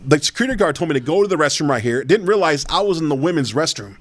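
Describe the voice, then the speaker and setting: A man's voice: a little high, lively intonation, rapid-fire. A man telling long, loose stories in a casual podcast chat, rambling and swearing, full of fillers. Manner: rambling, profane, full of fillers and "you know".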